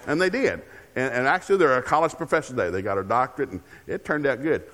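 A man's voice: medium pitch, lively intonation, quick pace, fairly bright tone, big-room sound, a little hiss or hum. An older man preaching as a guest speaker in a church, telling humorous family stories and acting out the dialogue. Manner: humorous storytelling with acted-out dialogue. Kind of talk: sermon. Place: church sanctuary.

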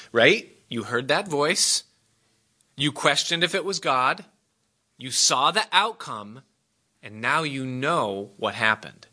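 A man's voice: mid-range voice, animated, unhurried, sharp tone. A man preaching a sermon as pastor, emphatic and asking his congregation direct questions.

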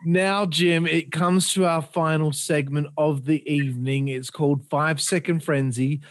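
Casting: male podcast host, slightly higher voice, dry close sound, upbeat and laughing. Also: fairly even intonation, unhurried, no room sound. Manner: laughing, enthusiastic, says bro. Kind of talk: casual interview.

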